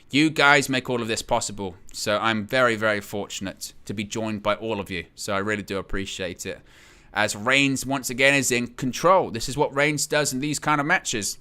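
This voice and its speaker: A man hosting a wrestling watch-along, giving excitable live play-by-play and reading out viewer comments. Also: mid-range voice, clear, resonant tone. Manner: excitable, exclaims at big hits, reads chat aloud.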